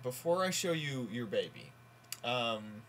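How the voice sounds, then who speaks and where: A hesitant hospital doctor, as a man puts him on, dropping his voice as he delivers grim news. He sounds low and hushed, pausing before each word. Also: sing-song, a little hiss or hum. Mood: reluctant. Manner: hushed, reluctant, breaking bad news.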